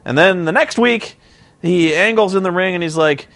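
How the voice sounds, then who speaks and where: A man's voice: high-pitched, moderate pace, a bit bright. A young man recapping a show in a rambling, incredulous, sarcastic way. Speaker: vlogger.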